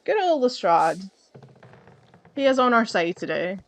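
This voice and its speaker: A woman's voice: a little high, big pitch swings, a little slow. A woman giving casual let's-play commentary, chatty and wry, musing aloud as she plays. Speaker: gamer playing through a game.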